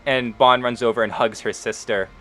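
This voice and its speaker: Man, game master, casual narration, middle pitch, ums and uhs. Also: steady tone, normal speed, a bit bright.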